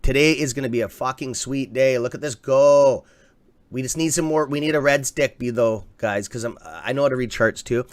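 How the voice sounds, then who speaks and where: A Canadian man hosting a casual live stock-market stream, chatty and excitable, swearing freely and reading out viewer comments. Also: mid-range voice, a little fast, few pauses. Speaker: livestream host.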